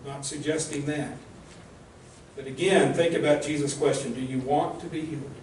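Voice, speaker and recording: A man's voice: on the high side, fairly even intonation, moderate pace, a little mellow, a little hiss or hum. A male minister preaching a sermon in an earnest, direct way, often asking the congregation rhetorical questions, recorded in a church. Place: church sanctuary. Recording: echoey church room, mic at a distance.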